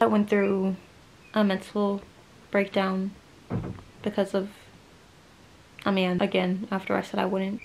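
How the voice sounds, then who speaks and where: A young woman chats straight to her camera in a loose, emotional way, peppering her talk with "like" and slang. She has just been crying and still sounds weepy. Her voice carries a noticeable gravelly fry. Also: mid-range voice, completely flat delivery, measured pace, long pauses, a little hiss or hum. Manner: chatty and emotional, slangy, fillers of "like". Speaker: vlogger. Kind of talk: casual storytime chat to camera.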